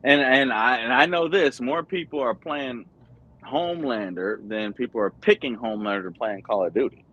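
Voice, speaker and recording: A man's voice: mid-range voice, moderate pace, sharp tone. Brief: male streamer host, loose rambly chat, crude slang, muffled lo-fi call audio. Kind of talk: casual chat.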